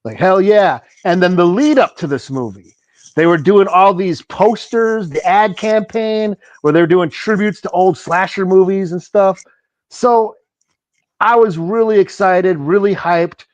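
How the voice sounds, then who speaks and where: A laid-back man talking on a podcast, his voice sitting high for a man and his pace unhurried. He sounds dry and close to the mic, with casual slang throughout. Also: no echo. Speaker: podcast co-host. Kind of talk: casual chat.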